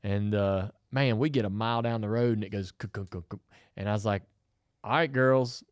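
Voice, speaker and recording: This is a middle-aged man with a drawl, telling a story on a podcast in a relaxed, chatty way. He acts out what other people said as he talks. The mic is close and the sound is dry. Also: lowish voice, brisk, clear, resonant tone, dry recording. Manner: animated storyteller, acts out quotes. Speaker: podcast co-host. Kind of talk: casual storytelling chat.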